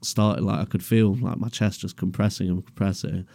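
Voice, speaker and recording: A young man with a deep, gravelly voice tells a story casually. His tone is dark and mellow, and the sound is dry and close. He swears freely and laughs through his own story. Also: fairly even intonation, moderate pace, no echo. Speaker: podcast co-host. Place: garage.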